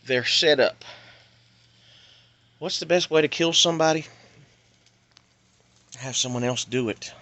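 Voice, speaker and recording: A man delivering an urgent, pleading monologue that swings between loud outbursts and hushed warnings. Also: fairly high pitch, measured pace, long pauses, no room sound. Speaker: vlogger. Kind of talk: impassioned monologue.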